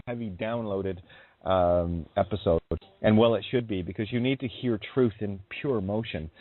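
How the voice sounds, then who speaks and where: A man's voice: mid-range voice, dry recording. A man hosting a radio talk show, chatting earnestly and effusively about spiritual ideas. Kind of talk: casual radio chat. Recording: dry tinny phone-like line.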